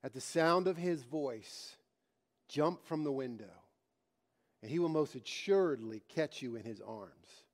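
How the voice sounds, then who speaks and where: Man voicing a soft, gentle butterfly. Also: fairly high pitch, slow, long pauses. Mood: tender. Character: gentle humble male butterfly messenger.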